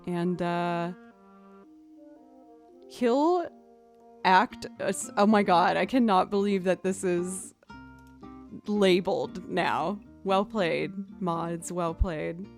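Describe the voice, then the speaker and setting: A young woman talks casually to her livestream viewers in a rambling, chatty way, breaking off her stories to thank people in chat. Her voice sits at a middle pitch, and music plays faintly in the background. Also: a little mellow. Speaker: musician streamer.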